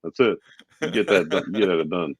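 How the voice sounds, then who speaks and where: A man talking as a guest in a casual interview, relaxed and chatty with many fillers. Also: sits low, fairly quick, husky, no room sound. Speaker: guest, VP of sales.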